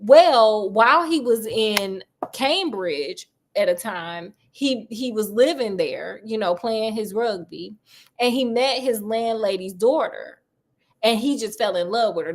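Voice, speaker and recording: Woman storyteller, casual retelling, slangy, chatty, asides, mid-pitched voice.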